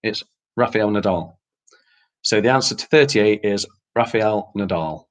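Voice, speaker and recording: The quiz host is a man with a lowish voice who speaks at a measured pace, and the recording sounds muffled. He reads questions and answers for an online quiz night in a relaxed, chatty style, laughing frequently and swearing a little.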